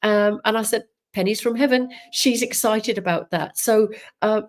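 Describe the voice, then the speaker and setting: A woman giving a live psychic reading, talking gently and haltingly with many ums and restarts. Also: mid-range voice. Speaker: psychic medium. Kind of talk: live spiritual reading, unscripted.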